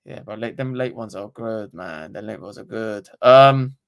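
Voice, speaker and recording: A young man, hosting a casual live stream into a desktop microphone and talking in an animated, slangy, sweary way. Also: on the low side, moderate pace, smooth. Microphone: desktop USB microphone.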